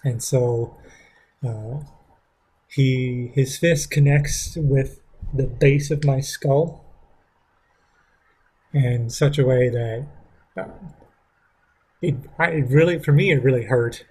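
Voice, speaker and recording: A man's voice: medium pitch, takes it slowly, long pauses, darkish tone, husky. A man casually telling a story from his school days, rambling with frequent swearing. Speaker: vlogger.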